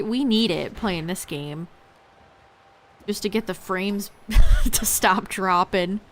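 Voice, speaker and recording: A young woman streamer drawls through a relaxed live gaming chat, talking to her viewers in a slow, easygoing way. Her voice sounds a bit worn and hoarse. Her pitch sits in a plain middle range. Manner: laid-back, chatty, talks to chat. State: voice going hoarse.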